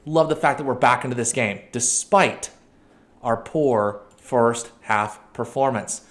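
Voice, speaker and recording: A man hosting a let's-play, commentating a match with excitable outbursts, shouting at his players and correcting himself. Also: medium pitch, a little slow. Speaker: video game channel host.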